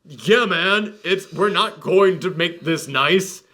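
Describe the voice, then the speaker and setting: A man hosting a casual film review podcast, talking in an animated, sarcastic and mock-dramatic way. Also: sits high, slow.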